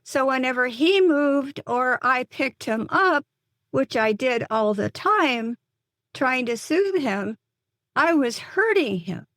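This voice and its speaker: An older woman speaks in a slightly high voice, earnest and halting, often restarting her sentences as she recounts a painful story. The recording is dry and close, with no room sound around her. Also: lively intonation, fairly bright tone, dry recording. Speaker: guest, psychotherapist and mother. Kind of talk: emotional personal storytelling in an interview.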